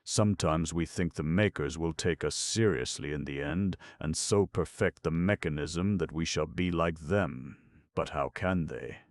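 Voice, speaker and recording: Sad faltering clockwork man, read by a man: very low, gravelly, dry sound. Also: no room sound. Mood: plaintive. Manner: halting, repetitive, plaintive. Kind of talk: audiobook reading.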